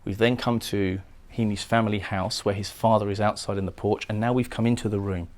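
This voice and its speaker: Guy lecturing on a poem, lowish voice, keeps repeating himself as he explains. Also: steady tone, brisk, darkish tone. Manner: explanatory, repeats words, reads lines aloud. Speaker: literature lecturer. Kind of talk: recorded poetry lecture.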